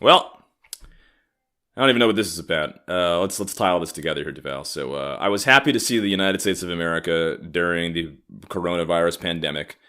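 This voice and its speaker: Man, 30s, comedy podcast host, angry profane rant, sarcastic, low but bright voice. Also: a little fast. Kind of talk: ranting comedic monologue.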